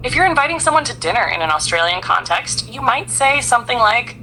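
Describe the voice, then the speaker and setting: A woman's voice of an AI assistant, polite, even and helpful. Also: fairly high pitch, quick pace, few pauses, a little hiss or hum. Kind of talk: synthetic assistant speech.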